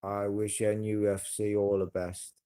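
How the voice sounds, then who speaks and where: A man's voice: lowish voice, little pitch movement, a little slow, mellow, smooth. A man with a broad Geordie accent chatting casually on a livestream, blunt and sweary, rambling with fillers and restarts. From North East England.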